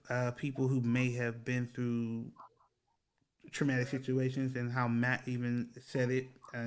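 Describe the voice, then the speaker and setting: A man's voice: medium pitch, low-quality recording. A man who works as a relationship educator hosts a casual panel discussion, leaning on fillers, repeating words and asking the group questions.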